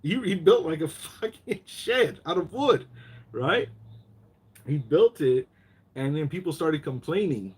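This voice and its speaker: A man's voice: a little high, lively intonation, a little slow, darkish tone, husky. A man hosting a casual live chat, telling rambling stories full of profanity and getting worked up.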